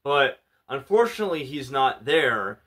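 A man's voice: medium pitch, sing-song, unhurried, fairly bright tone. A man casually retelling a film's plot, full of "like" and "you know" fillers. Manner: loose and chatty, many "like" and "you know" fillers. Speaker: movie reviewer.

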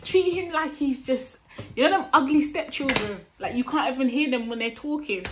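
Woman vlogging relationship advice, cheeky and blunt, bit of a higher voice, laughs a lot. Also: expressive, moderate pace, music in the background. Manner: frank, playful, laughs as she talks. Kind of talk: casual advice talk to camera.

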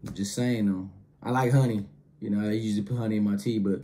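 A man telling a casual story in slangy, animated talk, acting out the other voices. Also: fairly low pitch, fast. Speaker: storyteller host.

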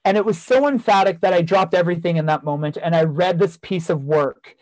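A man's voice: high-pitched, a little fast, a little mellow, no room sound, rough recording. Earnest man telling a classroom story. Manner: earnest anecdotal storytelling with repeated phrases. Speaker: keynote speaker, former teacher. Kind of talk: storytelling keynote talk.

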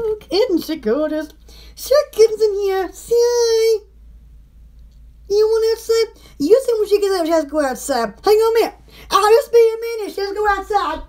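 A woman's voice: very high-pitched, animated, unhurried, noisy background. A woman hosting a casual home shopping live stream, rambling and laughing often as she chats and mimics household appliance noises.

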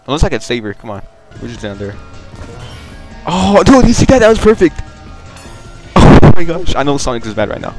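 Rambling low-voiced young man gaming. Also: vocal fry. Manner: rambling, joking, profane, bursts of loud excitement. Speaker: gaming video creator. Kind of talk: casual gameplay commentary.

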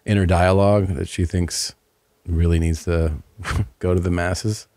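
A man podcast co-host with a very low voice, chatting in a laid-back, dry way. The sound is close and dead, with no room around it. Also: fairly even intonation, unhurried, warm tone, no echo. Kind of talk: casual chat.

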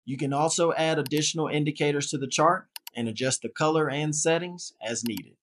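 A man narrating a scripted software tutorial in an upbeat, polished promotional manner. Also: on the high side, slight background noise.

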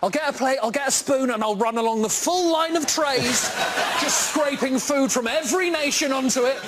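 A man doing a self-deprecating stand-up routine in a TV studio, rising to shouts on punchlines. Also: very high voice, moderate pace. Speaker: comedian guest. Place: TV studio with audience. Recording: loud background noise.

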